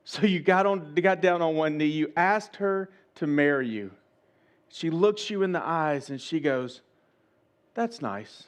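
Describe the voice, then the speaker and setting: A pastor delivers his sermon in a fairly high voice, speaking to the congregation as if chatting with them. He circles back with rhetorical questions and repeats his phrases as he builds each point. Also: a little slow, clean tone. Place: church service.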